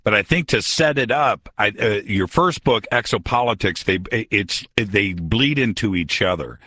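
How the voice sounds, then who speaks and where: A man's voice: lowish voice, lively intonation, normal speed, sharp tone, no echo. A man hosting an interview, asking eager, admiring questions. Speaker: interview host. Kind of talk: radio interview.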